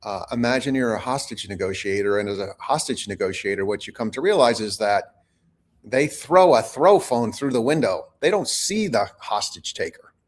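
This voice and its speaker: A man, a negotiation expert guest, explaining techniques in a measured, instructive way during an interview. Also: fairly low pitch, lively intonation. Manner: measured, instructive, teaches in short points.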